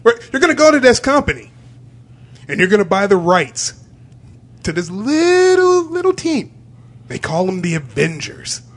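A high-pitched man talks through a joke pitch in a casual comedy chat. He delivers it playfully, in a mock-serious tone. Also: sing-song, moderate pace, long pauses.

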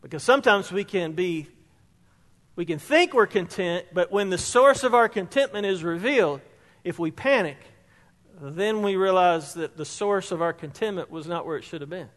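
A man delivers a sermon as a pastor, his voice sitting high for a man. He preaches emphatically, piling up repeated words to drive a point home. The sound carries a long reverb, as if filling a large church sanctuary. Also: lively intonation, normal speed, fairly bright tone.

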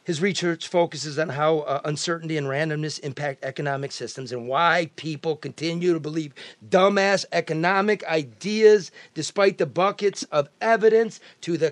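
A man from the US Midwest hosting a podcast, talking loudly and profanely, joking and restarting sentences a lot. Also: on the high side, no room sound. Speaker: podcast host. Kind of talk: casual chat.

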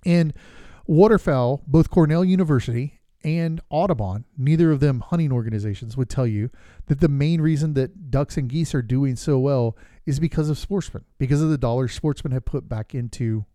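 Opinionated man, mellow voice. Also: medium pitch, normal speed, dry recording, clean studio sound. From Florida. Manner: conversational, opinionated, with fillers and restarts. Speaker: podcast host. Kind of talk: casual advocacy talk.

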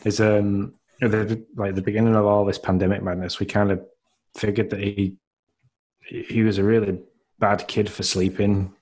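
A man's voice: fairly low pitch, little pitch movement, normal speed, darkish tone. A man in his thirties, co-hosting a podcast and telling a rambling, self-deprecating story full of fillers. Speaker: podcast co-host. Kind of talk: casual chat, storytelling.

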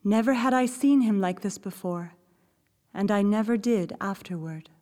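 A woman reading a diary excerpt aloud as scripted podcast narration, slow, measured and reverent. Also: medium pitch, a little mellow, long reverb tail. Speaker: podcast reader.

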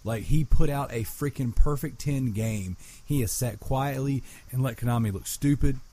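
A man co-hosting a podcast, chatting casually and excitably with lots of fillers. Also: mid-range voice, normal speed. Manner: excitable, uses filler words like 'like'. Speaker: podcast co-host. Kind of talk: casual chat.

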